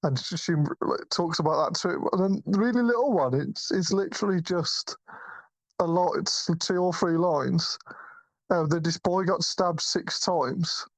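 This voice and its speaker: A man's voice: sits high, unhurried, no echo, poor audio. A man co-hosting a podcast, chatting casually about a film in a rambling way, full of restarts and swearing. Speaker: podcast co-host. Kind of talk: casual film review chat.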